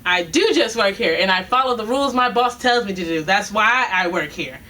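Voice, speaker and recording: Bright, animated woman telling a story. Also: mid-range voice, a little fast. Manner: animated, quoting both sides, laughing often. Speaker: vlogger telling a work story. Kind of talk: casual storytelling. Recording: distant mic with faint noise.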